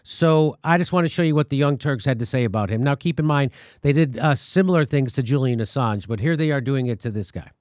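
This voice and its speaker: A man hosting a political commentary show, talking in an animated, mocking and profane way. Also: mid-range voice, brisk, dry recording. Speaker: show host.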